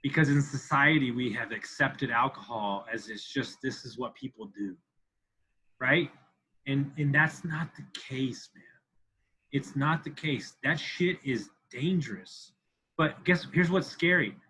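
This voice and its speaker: A man's voice: mid-range voice, measured pace, pushed and bright, a little hiss or hum, low-quality recording. A man in his thirties talking as a podcast guest, intense and profane, repeating himself for emphasis. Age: 30s. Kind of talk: candid interview talk.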